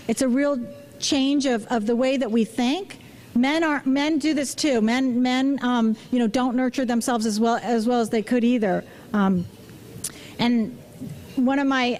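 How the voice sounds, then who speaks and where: High-voiced woman giving a motivational talk. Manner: conversational, asks the audience questions. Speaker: physician giving a keynote talk. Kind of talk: motivational talk to a live audience.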